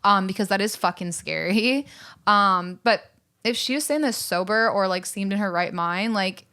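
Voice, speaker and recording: A woman's voice: medium pitch, normal speed, sharp tone, clean tone. A young woman as guest co-host of a podcast, laid-back and casual, swearing freely and filling with "like". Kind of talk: casual chat.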